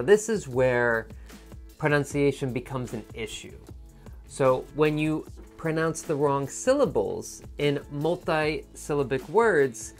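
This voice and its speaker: A man teaching in a video lesson, with a voice of middling pitch and a patient, explaining manner. He breaks down word stress for test takers and says example words again and again to model them. Soft music sits faintly behind him.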